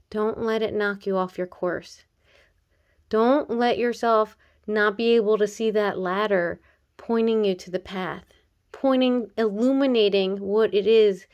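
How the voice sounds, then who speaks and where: A woman's voice: mid-range voice, darkish tone. A woman doing a casual oracle card reading to camera. She talks earnestly and encouragingly, straight to the viewer, in a chatty way with laughs and filler words.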